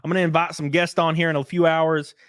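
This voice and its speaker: A man hosting a livestream, chatting and ranting in a blunt, profane, animated way. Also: on the high side, fast talker, smooth, dry recording, clean studio sound. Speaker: livestream host. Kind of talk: casual livestream chat and rant.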